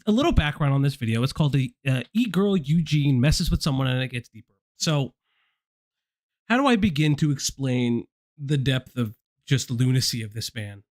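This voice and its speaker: A man hosting a reaction stream, giving wry commentary with quick asides and frequent laughs. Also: medium pitch, expressive, darkish tone, no echo. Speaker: stream host.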